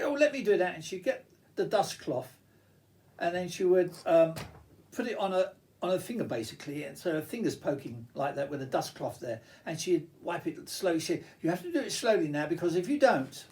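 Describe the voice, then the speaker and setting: An older man rambles through personal memories, his pitch rising and falling a lot. His voice sits a little high for a man, and he restarts sentences often as he digresses. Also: a little mellow. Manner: reminiscing, digressive, frequent restarts and fillers. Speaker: vlogger.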